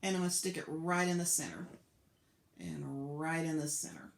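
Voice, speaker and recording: A woman's voice: low voice, steady tone, normal speed, vocal fry, a little hiss or hum. A woman guiding children through a clay craft step by step, patient and often dropping to a near whisper. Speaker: craft teacher. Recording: echoey room, faint clicks.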